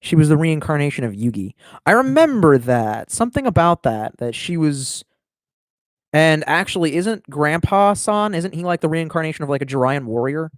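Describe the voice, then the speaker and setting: A man's voice: fairly high pitch, sing-song, moderate pace, no room sound. Thirtysomething guy rambling on a livestream, cussing a lot, kinda self-mocking, dead dry room. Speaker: streamer. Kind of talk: casual live-stream chat reading viewer comments.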